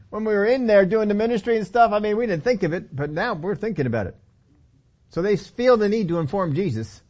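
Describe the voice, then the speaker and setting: A man with a high-pitched, slightly mellow voice preaches a sermon, telling the story with humor. He acts out the characters, laughs often and asks the audience questions.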